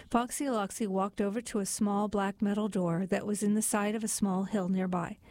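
Woman reading a story, deadpan, dry close mic. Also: mid-range voice, moderate pace, hardly any pauses, no echo.

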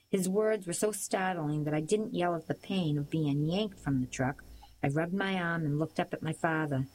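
A woman narrates a storybook in the first person, with a lowish voice and a steady, measured pace. Faint hiss sits under the recording. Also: low-quality recording. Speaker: audiobook reader.

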